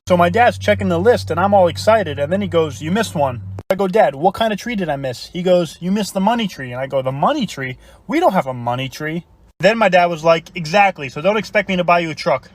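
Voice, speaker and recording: A man telling long comedic jokes, building quickly to each punchline. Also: fairly high pitch. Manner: fast, punchline-driven delivery. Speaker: storyteller.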